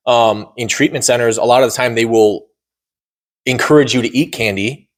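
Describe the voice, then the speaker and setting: A man's voice: medium pitch, steady tone, moderate pace. A man co-hosting a podcast, chatting casually, rambling and often checking in with "right?". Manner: rambling, repeats words and says "right?" often. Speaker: podcast co-host. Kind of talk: casual chat.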